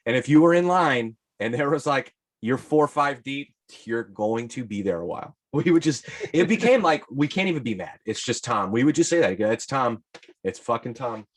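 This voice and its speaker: Profane, animated male podcast host. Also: mid-range voice, normal speed, no echo. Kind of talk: casual podcast chat.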